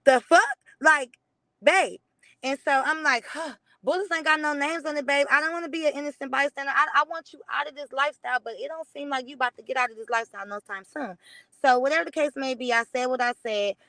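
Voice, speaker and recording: A woman's voice: high voice, fast talker, dry recording. A young woman casually telling a profane story on a livestream, acting out the dialogue. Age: young adult. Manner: profane, animated retelling with quoted dialogue. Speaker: guest.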